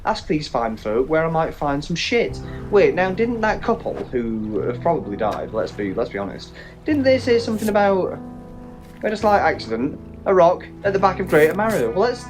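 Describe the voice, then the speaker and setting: A let's play host giving casual, jokey gameplay commentary with lots of swearing. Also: mid-range voice. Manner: animated, swearing, joking asides.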